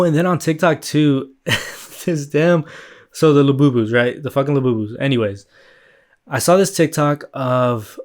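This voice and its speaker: Male podcast host, mid-range voice, loose rambling delivery with plenty of filler words and swearing. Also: mid-range voice. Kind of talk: casual solo podcast chat.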